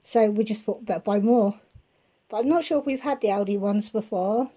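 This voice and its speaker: A woman's voice: medium pitch, a little fast, mellow, highs cut off. A woman vlogging a grocery haul from her kitchen at home, talking casually and rambling into chatty asides.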